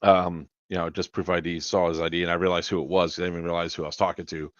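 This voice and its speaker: On a charity livestream, the male host tells casual, profane, rambling anecdotes, laughing often. His voice is low-pitched and level, he talks fast, and the stream audio is dull and lo-fi with no echo.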